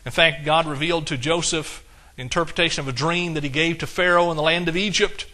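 A man's voice: on the high side, steady tone, quick pace, sharp tone. A middle-aged man with an East Texas accent preaching a sermon in a folksy, exclamatory way, quoting scripture. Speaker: pastor.

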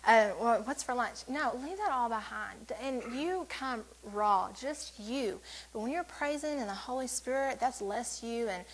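A woman's voice: fairly high pitch, lively intonation, unhurried, low-quality recording. Chatty woman giving devotional. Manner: rambling, self-interrupting, joking asides. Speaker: women's ministry speaker. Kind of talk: casual church devotional talk.

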